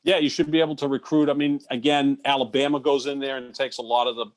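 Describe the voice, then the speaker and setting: A man's voice: mid-range voice, level tone, quick pace. A man co-hosting a sports podcast, agreeable and easygoing, explaining points at length. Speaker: podcast co-host. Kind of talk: casual sports podcast chat.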